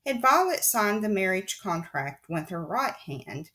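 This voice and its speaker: A woman's voice: mid-range voice, very animated, unhurried, bright, forceful tone. A woman reading a children's novel aloud in a wry, confiding tone, often speaking straight to the listener. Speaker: audiobook reader. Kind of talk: audiobook narration.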